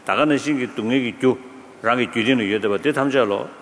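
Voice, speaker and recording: A man giving a religious teaching in an expressive way, with sudden rises in pitch. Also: fast. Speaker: Buddhist teacher. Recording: echoey hall, faint background noise.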